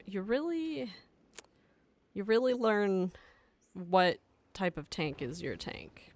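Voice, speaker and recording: A woman's voice: on the low side, slight background noise. A woman hosting a gaming livestream, reading chat aloud in a rambling, casual way and laughing often. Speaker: livestream host.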